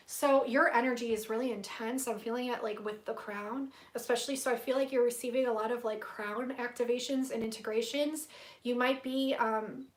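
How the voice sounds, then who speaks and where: A woman giving a live spiritual tarot reading to her viewers, soft-spoken and gushing, with many fillers and easily moved to emotion. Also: fairly high pitch, steady tone, moderate pace. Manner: emotional, tearful at moments. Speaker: tarot reader hosting a livestream.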